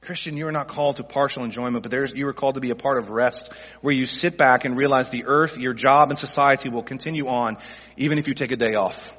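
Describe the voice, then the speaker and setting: A man's voice: medium pitch, fairly even intonation, fast, fairly bright tone. A middle-aged male pastor preaching an earnest, conversational sermon that speaks directly to groups in the congregation. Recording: dull sound with long hall reverb.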